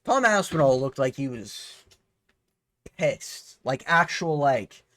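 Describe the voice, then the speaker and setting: A man's voice: mid-range voice, sing-song, takes it slowly, a bit bright, no echo. A man hosting a vlog breakdown of a fight card, ranting heatedly with plenty of swearing. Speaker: host.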